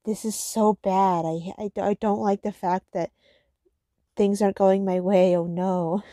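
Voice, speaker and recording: A woman's voice: medium pitch, fairly even intonation, unhurried, mellow, dry recording, studio quality, natural voice. A woman voicing a sulky, spoiled teenage girl from a comic in a whiny, mocking parody.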